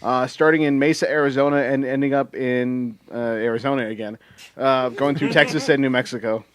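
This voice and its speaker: A man's voice: mid-range voice, steady tone, fairly quick, dry recording. A man co-hosting a casual podcast, reading out music news in a rambling way with lots of fillers and swearing.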